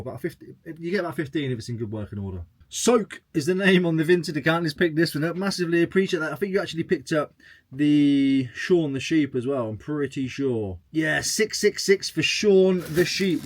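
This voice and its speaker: A man chatting casually to camera as a reselling vlogger, joking as he goes through his sales. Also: a little high. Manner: chatty and jokey, reading out sales.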